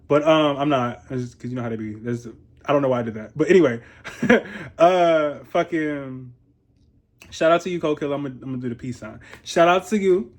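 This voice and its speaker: A young man from Ohio giving a casual, profane commentary on a reality show. He is chatty, laughs often and makes animated asides. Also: on the high side, a little fast. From Columbus, Ohio, USA. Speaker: reality TV reviewer.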